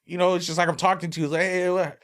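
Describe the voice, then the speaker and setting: A man's voice: on the high side, little pitch movement, racing, fairly bright tone. A man who is a podcast guest, rambling in casual chat with many fillers. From Filipino family.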